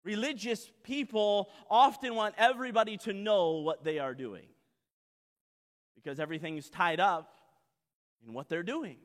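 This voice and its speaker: A man pastor preaching a sermon dramatically, acting out voices and swinging from loud to soft. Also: high voice, unhurried, pauses often, in a large hall.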